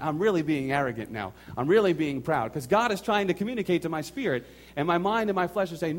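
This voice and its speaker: A man preaching a sermon, telling a personal story with animated acted-out quotes and repeated phrases for emphasis. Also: on the high side, brisk. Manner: animated storytelling, acts out his own and others' quotes. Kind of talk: sermon testimony.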